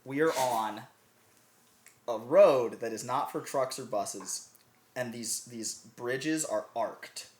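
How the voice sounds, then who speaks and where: A young man recounts tour stories with laughing, animated energy and a mid-range voice. His voice carries a roomy echo from the living room where he sits with his bandmates. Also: mid-range voice, slow, background noise. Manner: animated, laughing anecdote telling. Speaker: band member guest. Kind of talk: casual storytelling chat.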